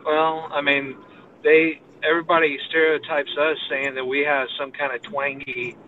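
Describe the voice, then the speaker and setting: A man's voice: on the high side, little pitch movement, moderate pace, narrow, tinny audio, slight background noise. A man from Texas with a Texan accent, chatting casually from a parked car, rambling with lots of fillers. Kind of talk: casual chat.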